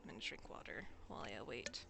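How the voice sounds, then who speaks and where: A woman's voice: fast, background noise. Wry, chatty woman streaming a game. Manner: wry, chatty, swears casually. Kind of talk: casual gameplay commentary.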